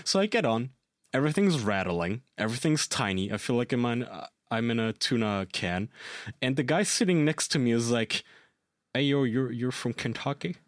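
A man co-hosting a casual podcast, telling animated stories, swearing freely and laughing at his own tales. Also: mid-range voice, fairly quick, no room sound, studio quality. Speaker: podcast co-host. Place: lives in Germany.

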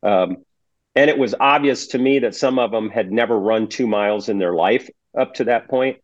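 A man's voice: lowish voice, no room sound. Plainspoken older man, muffled audio. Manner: measured, plainspoken, halting with fillers. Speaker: guest, retired federal agent. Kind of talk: conversational interview.

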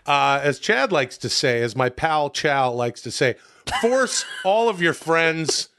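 A man's voice: a little high, lively intonation, takes it slowly, fairly bright tone. A man co-hosting a podcast, joking, swearing and bantering casually. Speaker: podcast co-host. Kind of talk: casual chat.

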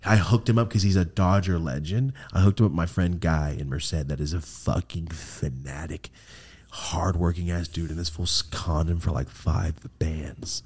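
A man's voice: low-pitched, steady tone, moderate pace, a little mellow, husky. A man hosting a podcast, telling a story with lots of swearing and acted-out quotes. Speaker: podcast host. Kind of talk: casual storytelling chat.

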